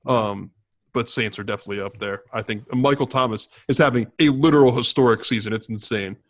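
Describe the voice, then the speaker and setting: A man's voice: mid-range voice, brisk, no echo. A young man with a mid-range voice co-hosts a casual sports podcast. He talks with dry humor and hedges his game picks in a hesitant way. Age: young adult. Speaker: co-host.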